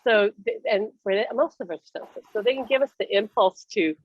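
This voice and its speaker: Over a casual video call, a spiritual medium hosts a chat about spirit contact, laughing frequently as she tells lively stories. She speaks fast in a medium-pitched voice, and the audio sounds dull.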